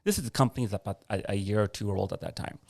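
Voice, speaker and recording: A man, a podcast guest, telling a personal story in an earnest, animated way and acting out past conversations. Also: on the low side, racing, creaky, no echo. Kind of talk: personal story in a casual interview.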